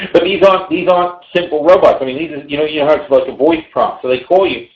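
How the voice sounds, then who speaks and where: A man hosting a live trading webinar in a casual, animated way, digressing and swearing freely. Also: fairly high pitch, a little fast. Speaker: webinar host and trading educator. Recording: roomy, slightly dull sound.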